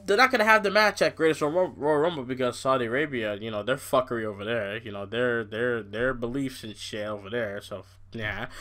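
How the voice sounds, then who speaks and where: A young man hosting a casual wrestling podcast, ranting in an exasperated, animated way with frequent swearing. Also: on the high side. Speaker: podcast host.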